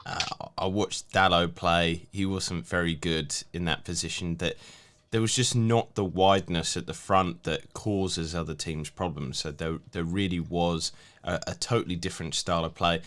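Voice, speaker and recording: A man hosting a live stream, reading out viewer questions in a relaxed, chatty way. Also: low-pitched, normal speed. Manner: relaxed, chatty, laughs easily. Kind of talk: casual live-stream chat. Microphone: video call.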